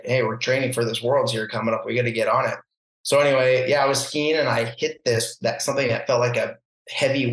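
A man tells a story as a podcast guest, chatty and animated, slipping into the voices of the people he quotes. His voice has an average pitch. The room around him gives a clear, roomy echo. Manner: animated, acts out quoted voices, laughs often. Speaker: podcast guest, barefoot water skier. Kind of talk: casual storytelling.

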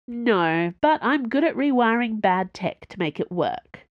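A woman's voice: on the high side, lively intonation, no room sound, lo-fi sound, voice pushed up. Woman voicing a snappy young tech tinkerer. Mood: brisk. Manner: brisk, curt, snappy. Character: sharp-tongued young female tech tinkerer.

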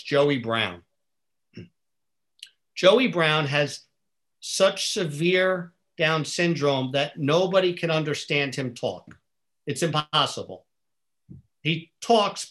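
A middle-aged man with a somewhat raised pitch tells stories earnestly and with animation. He acts out both sides of remembered conversations. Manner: earnest, animated storyteller who acts out dialogue. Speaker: guest. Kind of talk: storytelling in a podcast conversation.

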